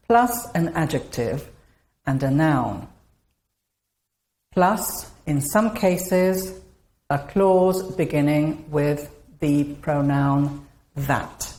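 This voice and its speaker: Slow, low-pitched female grammar teacher in an echoey room, checking in often. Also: a little mellow. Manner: checks in with frequent rising okays. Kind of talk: recorded online lesson.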